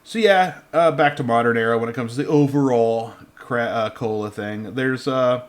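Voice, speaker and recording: A man in his thirties chats casually as a podcast co-host. He rambles, restarts his sentences and breaks into laughter often, at an everyday mid pitch. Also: normal speed.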